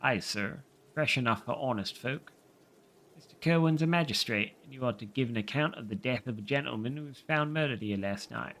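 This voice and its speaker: A man's voice: medium pitch, a little fast, a bit bright, close to an everyday voice. A man voicing a blunt, ill-looking local man with a put-on rural accent in a storybook reading.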